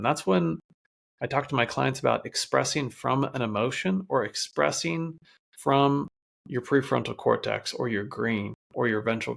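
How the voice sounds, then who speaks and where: A man hosting a solo podcast as a self-control coach, explaining calmly and speaking directly to his listeners. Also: mid-range voice, vocal fry.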